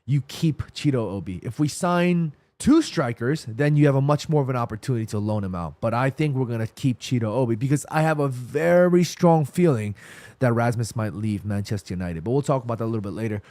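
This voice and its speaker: A man's voice: medium pitch, brisk, a little mellow, no echo. A man with a New York accent hosting a football live stream, rambling casually and answering chat comments while tired. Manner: rambling, restarts and self-corrections. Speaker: football livestream host.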